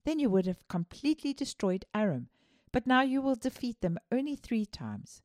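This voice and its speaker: A woman's voice: a little high, sing-song, normal speed, a little mellow, no room sound, clean studio sound, voice pushed up. A woman voicing a dying old male prophet in a scripted Bible story, giving urgent, emphatic commands. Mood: solemn urgent.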